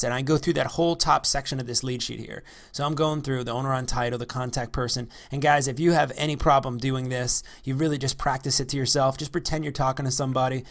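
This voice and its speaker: A man's voice: medium pitch, fairly even intonation, fast, few pauses, a bit bright. A man who is a real estate investor giving a casual, rambling talk on negotiation, full of fillers and restarts.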